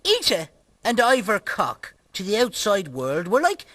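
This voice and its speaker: A man voicing a crude, bickering older Irish puppet bachelor with an Irish accent. He swings from loud outbursts to low mutters as he tells a story. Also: huge pitch swings, a little slow, heavily acted. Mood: storytelling. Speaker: storyteller host. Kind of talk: comic sketch banter.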